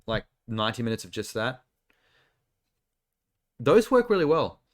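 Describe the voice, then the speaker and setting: A man casually chatting on a live stream, musing in a relaxed, rambling way with lots of fillers. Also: mid-range voice, unhurried. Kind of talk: casual reaction stream chat.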